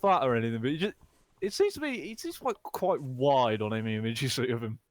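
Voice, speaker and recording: Lively jokey man. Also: fast, no room sound. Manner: jokey, laughs often, pitch leaps. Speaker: podcast co-host. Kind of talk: casual group chat.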